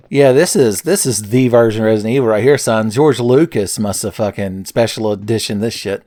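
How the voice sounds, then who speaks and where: A young man provides casual, jokey let's play commentary while gaming, playfully and repeatedly calling the viewer "son." His voice is lowish and mellow, and he talks a little fast with few pauses.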